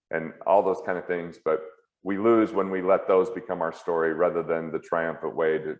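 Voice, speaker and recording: A man as an interview guest at home, talking earnestly and candidly in quick heartfelt bursts. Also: deep voice. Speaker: guest, financial author and comedian. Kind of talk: earnest reflective conversation. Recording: roomy, slightly dull sound.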